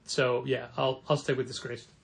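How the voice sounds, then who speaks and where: A man co-hosting a comic shop podcast in casual chat, animated and acting out quoted lines in a raised voice. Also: mid-range voice, normal speed, gravelly.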